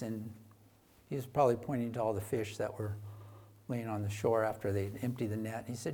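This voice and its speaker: A man preaching a sermon, retelling a Bible story in a conversational way. He gets louder for emphasis and then drops soft and quiet. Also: mid-range voice, fairly even intonation, moderate pace.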